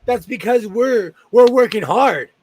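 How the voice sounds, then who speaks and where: A man with a Southern Californian accent hosting a casual group chat about sewing, talking fast and playfully. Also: very high voice, animated, darkish tone, slight background noise. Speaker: sewing channel host.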